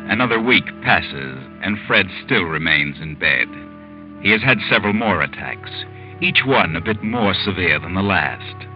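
Deep, expressive male radio narrator, muffled, music under. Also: a little slow. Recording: dull old radio recording with music.

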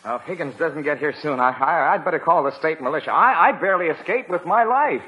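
A man playing an excitable family father who blusters and stammers. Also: a little high, quick pace, highs cut off, close to an everyday voice. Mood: sheepish.

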